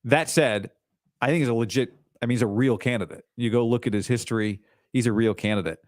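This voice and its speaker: A man's voice: mid-range voice, fast, a little mellow, no echo, clean studio sound. A man hosting a sports talk show, reading listener comments and answering them with blunt opinions and sarcastic asides.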